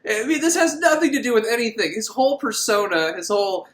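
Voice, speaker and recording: A man's voice: high voice, animated, quick pace, a bit bright. A man giving a rambling, comic movie recap, laughing often as he goes. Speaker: film reviewer. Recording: roomy room echo.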